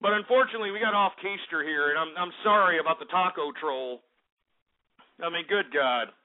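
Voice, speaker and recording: A man's voice: a little high, a little fast. A man hosting a call-in talk radio show, ranting in a combative, profane way. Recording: tinny phone-like radio audio.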